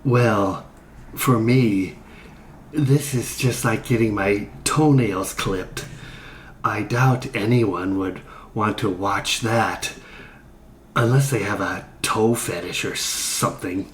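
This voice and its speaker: A man as a deadpan giant bug celebrity. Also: lowish voice, takes it slowly. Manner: dry, deadpan, blunt. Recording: roomy echo with faint noise.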